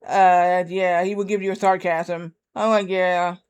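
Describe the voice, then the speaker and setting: A man's voice: sits high, level tone, measured pace, smooth. A man livestreaming a game, chatting casually and rambling through a story with many restarts. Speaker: streamer. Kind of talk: casual livestream chat while gaming.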